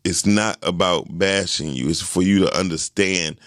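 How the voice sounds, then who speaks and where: Low-voiced man hosting a podcast. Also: normal speed, no room sound. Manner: forceful, emphatic, repeats himself. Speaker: podcast host. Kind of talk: casual group chat.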